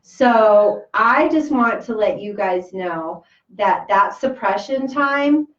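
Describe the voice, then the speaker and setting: A woman's voice: mid-range voice, lively intonation, takes it slowly, fairly bright tone. A woman co-hosting a spiritual talk, speaking in a soothing, reassuring way with frequent restarts. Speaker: spiritual podcast co-host. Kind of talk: casual spiritual chat. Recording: roomy, distant, dull sound.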